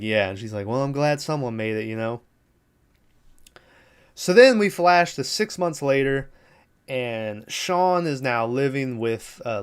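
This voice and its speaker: A young man with a medium-pitched voice and clean tone hosts a podcast, casually recapping a movie plot. His delivery is loose and rambling, full of fillers and swearing.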